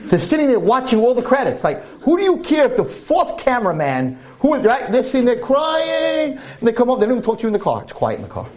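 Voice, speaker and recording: A man's voice: very high-pitched, sing-song, fast, hardly any pauses, a little mellow. A man giving a storytelling holiday sermon, humorous and preachy by turns. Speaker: speaker at a holiday talk.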